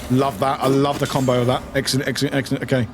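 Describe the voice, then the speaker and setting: A British streamer who talks through a game live, exclaiming and repeating lines. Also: male voice, mid-range voice, racing. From United Kingdom. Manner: excitable, exclaiming and repeating itself. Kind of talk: live gameplay commentary. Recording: noisy stream audio.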